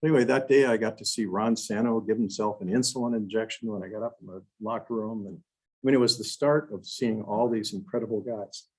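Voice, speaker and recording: Husky older man telling stories. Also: fairly low pitch, a little fast, rough recording. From Wisconsin. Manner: animated storyteller, acts out quotes, frequent "you know" and restarts. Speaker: guest speaker. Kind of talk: storytelling talk to a club.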